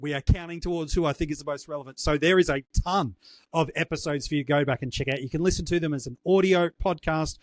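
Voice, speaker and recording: An Australian man hosts a podcast in an upbeat, chatty voice that sits a little high. He runs through plugs and thank-yous with easy patter. The sound is dry. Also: no echo. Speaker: podcast host. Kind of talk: podcast hosting.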